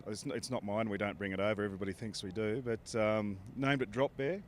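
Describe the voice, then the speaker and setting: A man's voice: on the low side, fairly even intonation, fast. A man with an Australian accent, a racing pilot, answering interview questions in a laid-back way with dry humor, outdoors at an air race. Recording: faint outdoor background noise.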